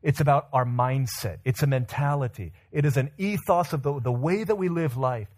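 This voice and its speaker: A man's voice: mid-range voice, moderate pace, a little mellow. A man preaching a sermon as pastor, telling an everyday story and asking the congregation rhetorical questions.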